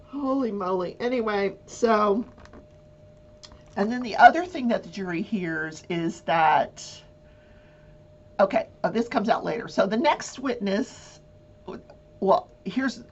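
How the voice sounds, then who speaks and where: A woman hosting a talk show, giving casual true-crime commentary in an animated way and acting out voices. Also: medium pitch, unhurried, husky, muffled recording. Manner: animated, acts out voices and swears.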